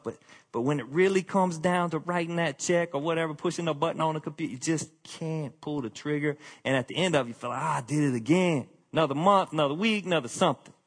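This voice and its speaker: A man preaching a conversational sermon to his congregation, candid and self-deprecating, often sinking into a quiet, confessional tone. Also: fairly high pitch. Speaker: pastor.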